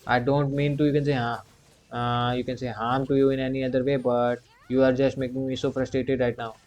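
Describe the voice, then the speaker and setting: On a dull lo-fi track, a young gaming channel host talks through his own gameplay in a brisk, flat, mid-range voice with a darkish tone. He mutters repeated commands to himself, gripes when the game goes badly, and fills out his sentences with "you can say."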